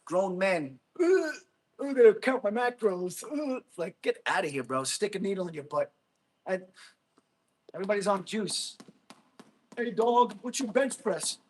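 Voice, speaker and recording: Livestream host, New man, husky higher voice, blunt, mocking, quick to laugh. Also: fairly bright tone. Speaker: livestream host reading chat. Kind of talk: casual livestream rant. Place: gym.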